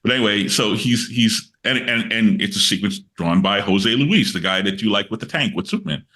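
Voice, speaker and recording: A man's voice: lowish voice, a little fast. A man in his sixties, a comics writer being interviewed, telling stories animatedly with many restarts. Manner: animated storyteller, many restarts, acts out quotes. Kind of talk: casual interview chat.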